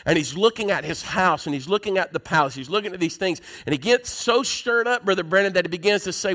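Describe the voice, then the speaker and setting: A man's voice: sits high, fast, sharp tone. A man preaching a sermon in a folksy, conversational way, often asking the congregation questions.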